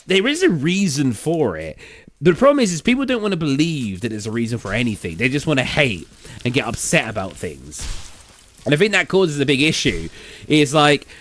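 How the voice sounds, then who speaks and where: A British man chatting live to his stream, rambling from topic to topic with energetic, sudden loud outbursts. His pitch leaps up and down animatedly, and the sound is dry and close with no room echo. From Britain. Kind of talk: casual chat to a live stream.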